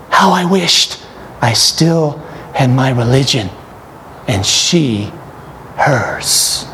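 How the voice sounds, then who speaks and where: A man's voice: mid-range voice, animated, a bit bright, slight background noise. A man preaching a sermon, building to emphatic repeated appeals, then leading an altar call and prayer. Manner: slow, with rising emphatic repetitions.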